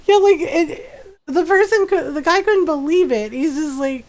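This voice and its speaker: A woman's voice: high-pitched, a little slow, long pauses. A woman streamer chatting casually while gaming, telling stories with a lot of laughter and acting out what people said. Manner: chatty storyteller, laughs often, acts out quotes.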